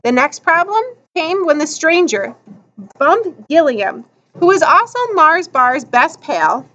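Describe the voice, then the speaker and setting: A woman narrating a children's novel aloud in an expressive storytelling manner. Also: high-pitched, slow pace, rough recording. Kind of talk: audiobook narration.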